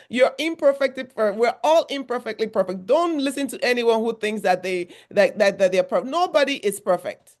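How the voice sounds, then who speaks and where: A woman's voice: a little high, animated, moderate pace. A woman from Nigeria, a therapist giving a motivational workshop talk in a conversational, repetitive style with emphatic asides.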